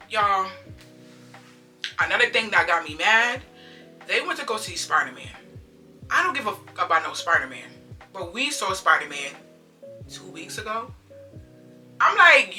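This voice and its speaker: A woman telling a story in a casual storytime vlog, animated and blunt, swearing freely and acting out what people said. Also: medium pitch, measured pace, pauses often, far from the mic, soft background music.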